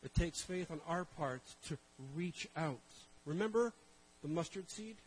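A man preaching a sermon, telling stories in an animated way and calling out to the congregation. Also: a little high, measured pace, a little hiss or hum, low-quality recording. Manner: animated storytelling, calls to the congregation. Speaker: pastor.

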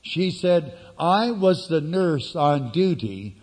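A man preaching a sermon, telling a personal story with sudden shifts between loud outbursts and hushed asides. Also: fairly high pitch, animated, slow pace, long reverb tail.

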